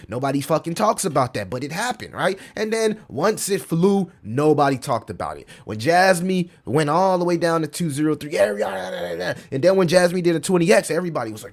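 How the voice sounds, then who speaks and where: A crypto livestream host talks loosely and animatedly at a fairly quick pace, using slang, swearing, and reading his chat aloud as he answers it. His pitch swings widely, from low mutters to sudden high bursts.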